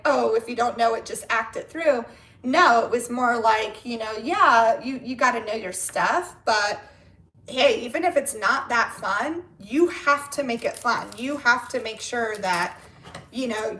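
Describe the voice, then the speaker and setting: A woman with a slightly raised voice hosts a casual live stream from home. She is chatty and excitable, and she gets higher and louder when something thrills her. The room around her has a noticeable echo. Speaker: livestream host chatting with viewers. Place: at home with barking dogs. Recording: echoey room.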